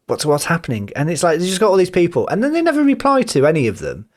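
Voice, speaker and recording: A man's voice: high-pitched, huge pitch swings, racing, a little mellow. A man co-hosting a podcast in a casual chat, teasing his friend and mimicking other people's voices for laughs. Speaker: podcast co-host.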